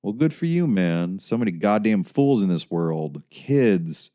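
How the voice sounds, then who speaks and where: A man voicing a volatile, profane biker patient who shouts and rants. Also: fairly low pitch, very animated, measured pace, pitched above the performer's own voice. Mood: ranting.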